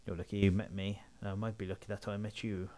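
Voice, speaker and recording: A blunt young man from a game who speaks with dry sarcasm, read by a man in his own voice. His tone is flat and unimpressed. The pitch sits on the low side. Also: fast, lightly acted.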